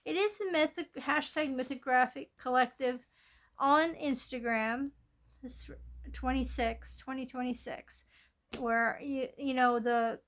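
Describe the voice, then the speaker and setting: Shot on a phone from above her craft table, a woman chats casually and meanders about her coloring plans for her coloring channel, using fillers and restarts. Her high voice is steady and slightly bright, moving at a measured pace.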